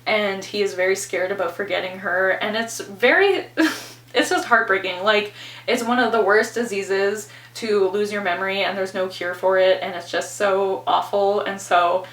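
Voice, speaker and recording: A woman's voice: mid-range voice, normal speed, a bit bright, recorded from a distance. A woman chatting casually on a reading vlog, giggling often and scattering "like" and "anyways" through her talk. She sounds slightly out of breath. Her voice carries a roomy echo and sits a little back from the mic. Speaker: book vlogger.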